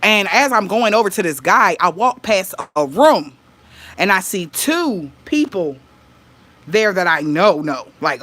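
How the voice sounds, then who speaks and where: A woman recounts a story straight to her viewers. She talks in a loose, chatty way, acts out the dialogue and swears freely. Her voice is bright and forward. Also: medium pitch, measured pace. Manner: animated, laughing, swearing, acting out dialogue. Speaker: vlogger.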